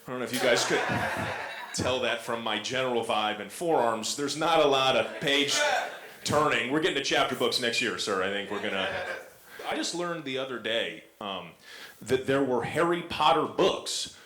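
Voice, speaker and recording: A man's voice: mid-range voice, lively intonation, normal speed, crowd noise. A young man doing a stand-up comedy set, rambling and self-mocking with lots of fillers. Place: comedy club stage with audience. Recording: echoey club, audience noise.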